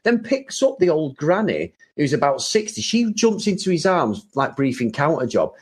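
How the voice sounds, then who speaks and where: Male podcast co-host, lively, slightly high voice, jokey film review banter. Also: normal speed, husky. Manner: animated, laughing, mock-serious asides. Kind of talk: casual movie review chat.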